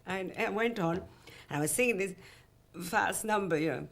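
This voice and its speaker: A woman with a Welsh accent telling stories of her singing career in an interview, lively and acting out the dialogue she remembers, with many asides of "you know". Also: on the low side, normal speed, slight background noise. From Wales. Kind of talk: reflective interview storytelling.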